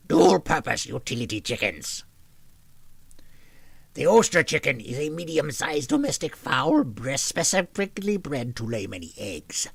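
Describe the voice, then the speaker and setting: A man growling as a loud gravelly goblin. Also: mid-range voice, no echo, full character voice. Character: gruff goblin reading a dry farm article.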